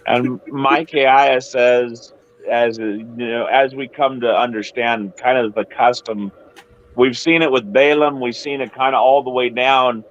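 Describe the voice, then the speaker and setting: A man's voice: medium pitch, steady tone, unhurried, lo-fi sound. Man retelling scripture with acted quotes. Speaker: Bible study host. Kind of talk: casual Bible discussion.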